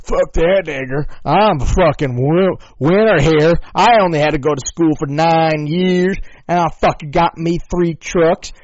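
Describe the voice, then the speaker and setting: Crude Southern braggart, put on by a man: loud, raised voice, dull dry lo-fi recording. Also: on the high side, measured pace, few pauses, no echo, voice pushed up, close to an everyday voice. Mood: boastful. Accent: American Southern.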